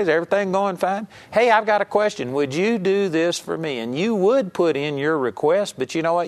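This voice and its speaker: Folksy Texan preacher man. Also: fairly high pitch. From Texas. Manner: folksy and earnest, acts out mock prayers. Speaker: Bible teacher. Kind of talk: conversational sermon.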